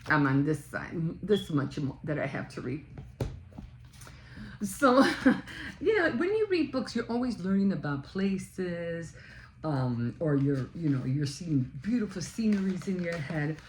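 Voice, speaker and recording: A woman with a fairly low voice and lively, swooping pitch chats casually about her reading, retelling scenes in a rambling way full of fillers. The room around her is echoey, with a faint hum of ambience behind. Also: measured pace. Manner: chatty storytelling, retelling scenes with many fillers. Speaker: book vlogger. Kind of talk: casual book chat.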